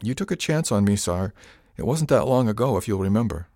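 A man's voice: on the low side, lively intonation, a little fast, a little mellow, no echo, studio quality. A man voicing an eager, loyal young woman crew member, earnest and determined, in an audiobook.

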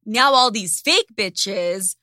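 A woman hosting a podcast in casual chat, ranting in an animated, profane way. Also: mid-range voice, slow, dry recording, studio quality. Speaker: podcast host.

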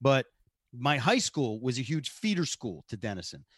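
A man's voice: mid-range voice, sing-song, moderate pace, fairly bright tone, no room sound, clean studio sound. A man co-hosting a podcast, chatting in a playful, riffing way. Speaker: podcast co-host. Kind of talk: casual chat.

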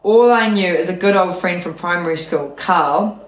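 A woman with a fairly low voice reads a memoir aloud for her podcast audience. Her delivery is steady, with casual asides slipped in between passages. The room around her is echoey. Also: moderate pace. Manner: steady reading voice broken by chatty laughing asides.

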